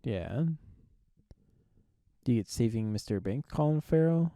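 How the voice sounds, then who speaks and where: A man co-hosts a laid-back movie review podcast. His voice is mellow and warm, and he pauses with ums and laughs easily. The sound is close and dry, with no room echo. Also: mid-range voice. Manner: relaxed, laughs often, hesitant with ums. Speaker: podcast co-host. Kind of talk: casual movie review chat.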